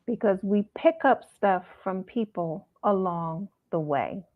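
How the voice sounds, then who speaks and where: A middle-aged woman hosting a livestream talk, telling stories and reading out a mantra slowly. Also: mid-range voice, lively intonation. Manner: storytelling, slow deliberate mantra reading. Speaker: host. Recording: tinny phone-like line.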